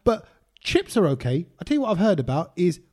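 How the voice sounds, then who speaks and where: A man's voice: sits high, very animated, brisk, mellow. A man hosting a casual chat, telling stories in a chatty, jokey way. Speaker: podcast host.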